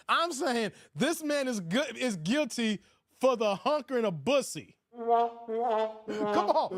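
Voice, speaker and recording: A man hosting a casual live reaction stream, joking in an animated way and thanking viewers for their donations. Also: extremely high pitch, slow, dry recording, studio quality. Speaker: YouTube commentary host.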